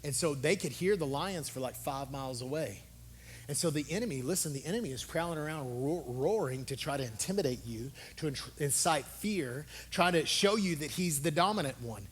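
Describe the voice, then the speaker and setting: A male pastor preaching a sermon in an impassioned way, moving between hushed low talk and loud, urgent exhortation. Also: lively intonation, a little fast, a little hiss or hum.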